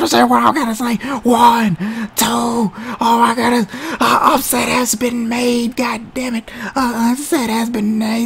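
A young man giving playful, excitable mock wrestling commentary while playing a video game, with lots of exclamations, slang and swearing. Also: sits high, gravelly, a little hiss or hum. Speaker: gamer doing mock commentary.

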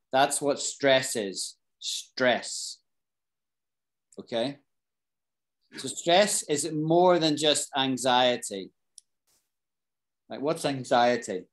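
A British man teaching an English class, explaining expressions slowly, repeating key phrases and asking his students questions. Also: medium pitch. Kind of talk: live online English lesson.

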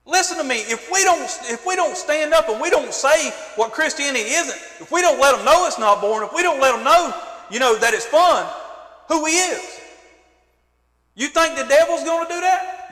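A man preaches with fervor, firing off repeated questions at his congregation. His voice sits very high and rings bright and sharp. The sound carries the long reverb of a church hall. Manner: fervent preaching with rhetorical questions. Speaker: pastor. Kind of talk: sermon. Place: church sanctuary.

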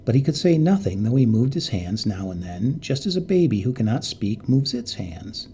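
A man narrating a ghost story in an expressive, dramatic reading voice. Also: mid-range voice, normal speed.

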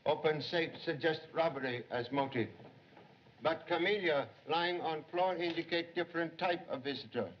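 Brief: male actor as unhurried, aphoristic detective, clipped phrasing, dull old film sound. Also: a little high, slight background noise, close to an everyday voice. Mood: calm. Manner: terse, clipped, drops articles, formal. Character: calm, aphoristic middle-aged male detective. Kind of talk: 1930s film acting.

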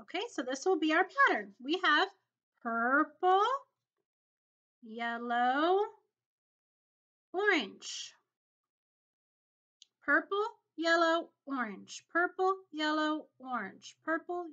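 A woman teacher giving a slow, encouraging video lesson to young children, in a singsong way. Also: high voice, animated, sharp tone, highs cut off.

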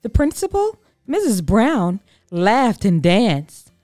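A woman reading a children's picture book aloud in an expressive, animated storytelling voice. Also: medium pitch, slow, no room sound, studio quality, faint music behind.

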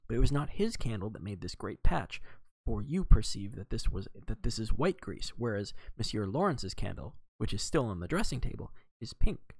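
A man reading aloud, voicing a fussy, precise elderly male detective who talks in a brisk, exacting way with French phrases. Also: on the low side, very animated, slightly rough, dry recording, heavily acted. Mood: musing.

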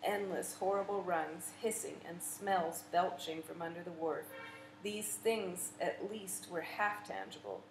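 A woman narrating a literary audiobook in a measured, vivid storytelling manner. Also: fairly low pitch, steady tone. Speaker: audiobook reader. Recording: echoey room with faint noise.

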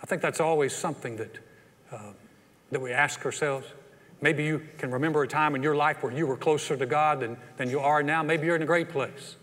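A man with a Texan accent preaching a sermon as pastor, telling the story with animated energy and acting out the quotes. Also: on the high side, a little fast. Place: church sanctuary. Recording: long church hall reverb.

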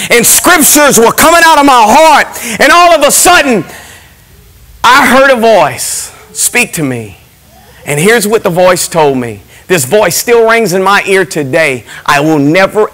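A middle-aged man, a pastor giving an impassioned testimony in a church service, moving from hushed emphasis to shouting. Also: high voice, lively intonation, measured pace, rough recording.

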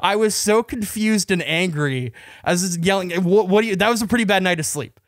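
High-voiced rambling podcast man. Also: lively intonation, brisk, a bit bright, dry recording, studio quality. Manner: rambling storyteller, heavy on "like" and restarts. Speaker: podcast co-host. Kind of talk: casual podcast chat.

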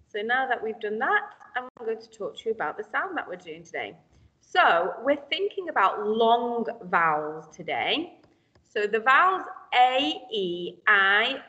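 Slow, clear woman teaching phonics. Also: mid-range voice, a bit bright, muffled recording. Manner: slow, clear, sounding out letters for children. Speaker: primary school teacher. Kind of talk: phonics lesson for young children.

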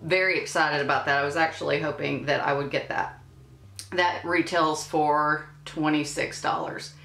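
A woman's voice: deep voice, steady tone, normal speed, vocal fry, a little hiss or hum. Chatty woman vlogger with a drawl. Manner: chatty, playful asides. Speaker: beauty vlogger. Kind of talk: casual unboxing chat. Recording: echoey room with soft music.

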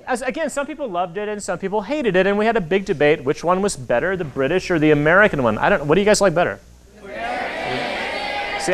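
A man in his forties giving an animated talk to children at a library, acting out the voices in his stories. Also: high voice. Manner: animated storytelling, acts out quoted voices. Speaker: author speaking to kids. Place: public library hall. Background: audience of children.

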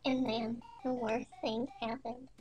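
Quiet woman narrator, high and unhurried, deadpan mock-serious storytelling over faint music. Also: muffled recording. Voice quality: quiet, soft-spoken. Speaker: storytime animator.

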